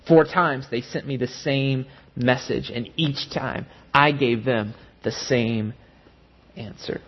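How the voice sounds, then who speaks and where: A man preaching a sermon. He acts out the tempting inner voices quickly, then slows down and drops low and quiet on key lines. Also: steady tone, muffled recording. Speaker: pastor.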